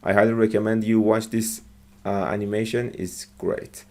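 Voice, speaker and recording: A man teaching English as he explains phrases from film clips, talking in a hesitant, halting way with many fillers and restarts. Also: fairly low pitch, flat delivery, a little mellow.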